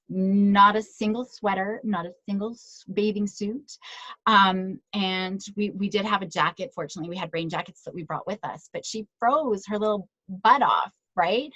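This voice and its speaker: A woman speaks to a room of parents in an easy, conversational way, often tossing in quick check-ins and stories from her own family. Her voice sits in a mid pitch. The recording is dry and close, with little room sound. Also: a bit bright, dry recording. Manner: conversational, tag questions and personal anecdotes. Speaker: child psychologist giving a talk to parents. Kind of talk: presentation to parents.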